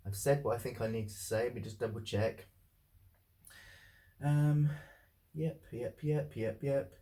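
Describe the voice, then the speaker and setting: A young man chats to his camera in a candid monthly vlog, joking about himself as he goes. His voice sits a little on the low side. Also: dark tone, husky. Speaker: vlogger.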